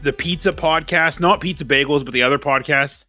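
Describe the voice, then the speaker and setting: A man's voice: fairly high pitch, fairly quick, no room sound, studio quality, faint music behind. A young man co-hosting a podcast in casual chat, telling stories with lots of laughter and swearing. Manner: animated storyteller, swears freely, laughs often. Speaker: podcast co-host.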